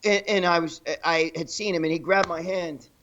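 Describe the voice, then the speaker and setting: A rambling, foul-mouthed man spins loose stories in a high, bright voice. His audio comes through dull and lo-fi. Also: normal speed, a little hiss or hum. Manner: profane, rambling, animated storyteller acting out quotes. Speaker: show guest telling stories. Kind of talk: casual storytelling chat.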